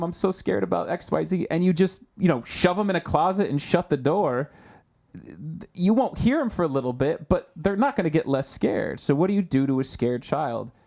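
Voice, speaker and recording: A man answering questions as an anxiety coach on a live Q&A, speaking gently and often repeating words as he thinks. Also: fairly high pitch. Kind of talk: live Q&A advice.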